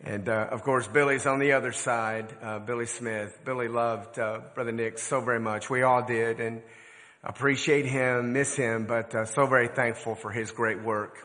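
A man in his sixties preaching a sermon, telling stories in an earnest, measured way with emphatic phrasing. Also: medium pitch, fairly even intonation, fairly bright tone. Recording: long reverb of a large hall.

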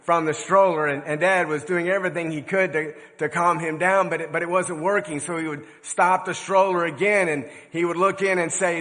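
A man in his sixties preaching a sermon, telling stories in an earnest, measured way with emphatic phrasing. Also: fairly high pitch, steady tone, a bit bright. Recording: long reverb of a large hall.

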